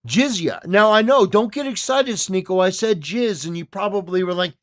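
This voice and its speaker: A man's voice: high voice, expressive, normal speed, few pauses. A man hosting a reaction commentary, talking back at a clip with mocking, indignant remarks. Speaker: commentary host.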